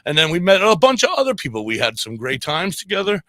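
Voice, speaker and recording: Bright-voiced man telling a story. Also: on the high side, quick pace, no room sound. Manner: animated, acts out quoted dialogue. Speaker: podcast guest, radio DJ. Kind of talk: casual storytelling. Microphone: podcast microphone.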